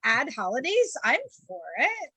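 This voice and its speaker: A woman's voice: sits high, sing-song, a little slow, bright, forceful tone. A woman co-hosting a podcast, musing aloud in a chatty way with lots of "like". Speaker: podcast co-host. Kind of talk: casual podcast chat.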